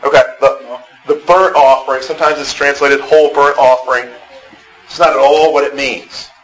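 A man's voice: medium pitch, fairly even intonation, moderate pace, a bit bright, low-quality recording. A man teaching a Bible class, talking conversationally, asking the group questions and often repeating words as he restarts. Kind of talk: interactive church class lecture.

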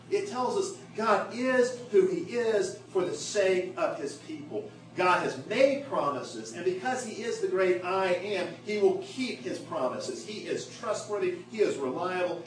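A male preacher delivering a sermon in a slightly higher voice, stretching out key phrases to stress them. He sounds a little distant from the mic, and the room rings with heavy echo.

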